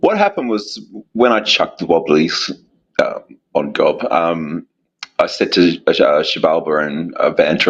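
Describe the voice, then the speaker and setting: Deep husky man on a muffled mic. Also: fairly quick. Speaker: stream panelist. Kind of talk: casual stream chat.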